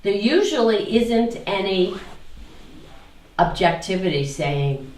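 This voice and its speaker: A woman's voice: on the low side, lively intonation, takes it slowly, pauses often, roomy sound, far from the mic, low-quality recording. A woman teaching a spiritual talk to a small group, asking them questions and repeating phrases in a singsong.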